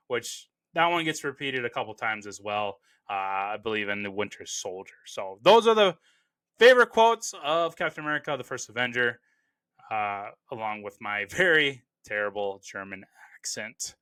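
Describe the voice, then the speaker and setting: A man talks through a film in a relaxed, chatty review, his voice bright and forward. He drifts along easily, dropping frequent "uh" fillers as he recalls scenes and favorite lines, at a middling pitch. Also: moderate pace, clean tone. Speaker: movie review host. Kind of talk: casual movie review commentary.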